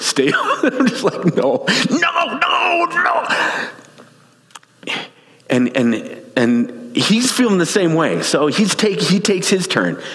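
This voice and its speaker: A man preaching a sermon, telling a personal story in an animated way, laughing and restarting his sentences. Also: on the high side. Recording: long hall reverb.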